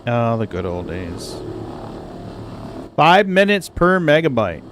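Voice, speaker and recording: Middle-aged male streamer, slow and easygoing, rambling chat with sudden exclamations, faint noise behind. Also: mid-range voice, big pitch swings. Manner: chatty, rambling, exclamatory asides. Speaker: livestream host. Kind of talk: casual chat with viewers. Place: home computer setup.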